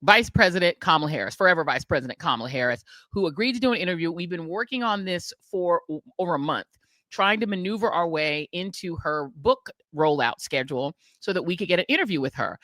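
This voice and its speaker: A middle-aged American woman chatting on her podcast, her voice bright and forceful. She tells stories with energy and slips into the voices of the people she quotes. The sound is dry and close. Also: on the low side, fast talker, no room sound. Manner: animated storytelling, acting out quoted voices. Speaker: podcast host. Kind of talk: casual chat.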